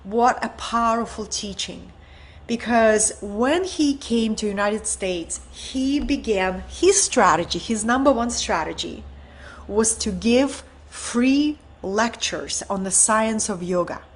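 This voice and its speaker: Unhurried, higher-voiced woman teacher. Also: expressive. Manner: earnest, inspirational, often checks in with rhetorical "right?". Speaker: host and teacher of an online event. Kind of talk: storytelling talk in an online teaching session.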